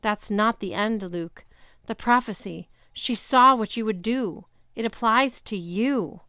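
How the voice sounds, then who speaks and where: A woman's voice: fairly high pitch, a little slow, sharp tone, no echo, clean studio sound. A woman reading aloud and voicing a wounded, exhausted teenage girl who speaks weakly but insistently, in a storybook reading. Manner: weak, pained, insistent.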